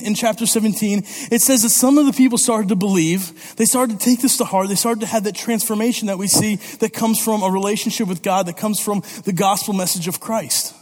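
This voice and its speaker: A man preaching a sermon as youth pastor, lively and conversational, often checking in with "okay?" and "all right?". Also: high voice. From Italy. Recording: long reverb of a church hall.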